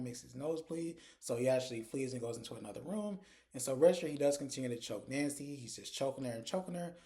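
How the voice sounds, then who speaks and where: Mellow-voiced man recapping a TV episode. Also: medium pitch. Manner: casual, filler-heavy storytelling with frequent "like". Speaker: TV episode reviewer. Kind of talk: casual episode recap vlog.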